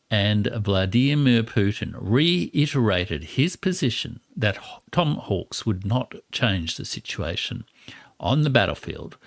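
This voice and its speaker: Slow, gravelly-voiced male commentator. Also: on the low side, no echo. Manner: deliberate, reading and explaining quotes. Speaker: political commentator, host. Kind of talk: live-stream commentary.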